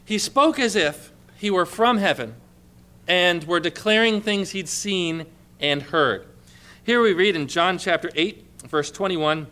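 A man preaching a sermon, telling stories in an animated, emphatic way and rising to exclamations. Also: high voice.

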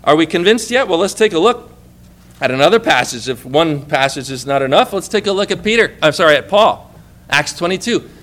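A male preacher with a high, bright voice delivers a sermon in a chatty, conversational way. He keeps asking the congregation questions. When he reads scripture he slows down and leans on the words. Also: expressive. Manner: reads scripture aloud with slow emphasis.

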